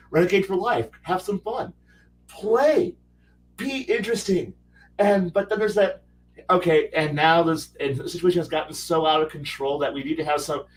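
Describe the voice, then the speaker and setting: A man's voice: on the high side, distant mic, low-quality recording. A man with a raised voice who rambles animatedly through a casual gaming panel, often restarting his sentences. He sounds set back from the mic, with a faint hum. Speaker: panel guest.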